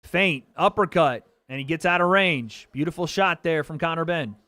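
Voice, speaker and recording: A man calls a fight live for his watch-party stream, in a high, bright voice. He names each punch as it lands and swears freely, erupting into excited yells when the action swings. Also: moderate pace, no room sound.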